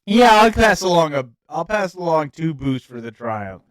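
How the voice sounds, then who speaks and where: A man's voice: a little high, very animated, moderate pace, no echo. A man running a tabletop game as game master, casual and laid-back with many ums. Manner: laid-back, lots of ums, frequent laughs.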